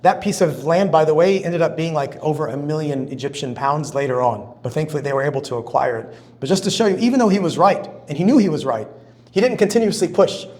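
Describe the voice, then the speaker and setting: A man giving a spoken talk to a men's conference, telling stories with lively energy. He acts out quotes and reactions, swinging his pitch and loudness up and down, on a somewhat high voice. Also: fast. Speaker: conference speaker. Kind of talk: storytelling sermon talk.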